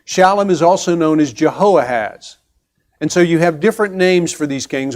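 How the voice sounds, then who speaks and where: Man teaching a Bible class, slightly high. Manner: conversational, explains step by step with pauses and restarts; asks the class questions. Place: church classroom.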